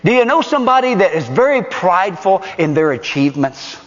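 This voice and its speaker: A man preaches with a high, swooping voice that rises and falls all through his delivery. He keeps hammering his listeners with rhetorical questions and stresses key words hard. The recording is dull and muffled, with a long reverb ringing through a big hall. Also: sing-song, a little fast. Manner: emphatic, pelting the congregation with rhetorical questions. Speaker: pastor. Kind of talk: sermon.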